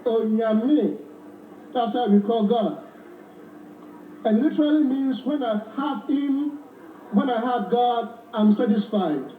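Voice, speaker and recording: A high-pitched man with a Ghanaian accent speaks slowly and deliberately, preaching to a rally crowd and drawing responses from them. He is heard from far off, with a roomy echo, on a tinny, phone-like recording with faint background noise. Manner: slow, preaching, repeats phrases and leads the crowd. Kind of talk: rally speech with call and response. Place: outdoor rally.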